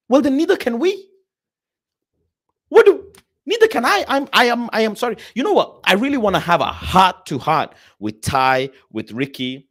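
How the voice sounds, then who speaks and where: Young guy ranting about football on his stream, kinda high voice, gets loud then mutters. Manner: animated, passionate, swinging between loud rants and low asides. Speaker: football livestream host. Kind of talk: casual live-stream chat reading super chats.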